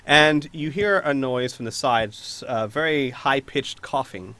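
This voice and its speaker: A man's voice: a little high, brisk, few pauses, bright, forceful tone. Man game master narrating a tabletop game. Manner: rambling, with many fillers and restarts.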